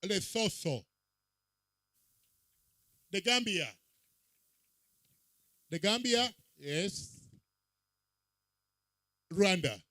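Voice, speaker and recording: A man emceeing an event, his voice pitched a little high and carried dry and close over a handheld mic. He calls out names with punchy rising emphasis, as if to a crowd. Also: animated, drawn-out words, pauses often, bright, forceful tone, no echo. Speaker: master of ceremonies. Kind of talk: event emcee roll call. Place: outdoor public event.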